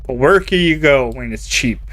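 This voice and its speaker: A man's voice: mid-range voice, animated, normal speed, fairly bright tone. A young man from Canada chatting casually and rambling while he streams a game, laughing often. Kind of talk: casual chat while gaming.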